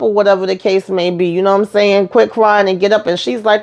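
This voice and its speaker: A woman talking through a TV episode in a loose, chatty way. She retells each scene with asides and slips into the characters' lines as she goes. Her voice sits at a middle pitch for a woman. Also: brisk, hardly any pauses. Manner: chatty, animated retelling with asides and acted-out quotes. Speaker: recap host. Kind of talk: casual TV recap.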